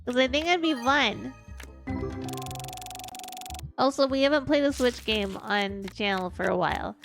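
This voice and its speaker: A woman with a slightly raised voice chats away through a stuffed-up, congested nose as she streams a game. She rambles and drops sentences halfway. Soft music plays behind her. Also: on the high side, measured pace. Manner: rambling, chatty, trails off mid-sentence. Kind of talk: casual gaming stream chat.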